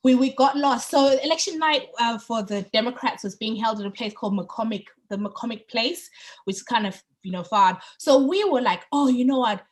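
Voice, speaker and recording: Chatty woman podcast host, animated. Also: on the high side, normal speed. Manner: chatty, gets animated and excited on politics; many fillers and restarts. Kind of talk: casual chat.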